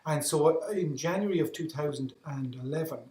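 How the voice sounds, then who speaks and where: A man's voice: on the high side, a little fast, warm tone. An Irish man telling his story as a podcast guest, earnest, often repeating words as he restarts his sentences. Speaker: guest, endurance athlete. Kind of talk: reflective storytelling in conversation. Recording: roomy echo.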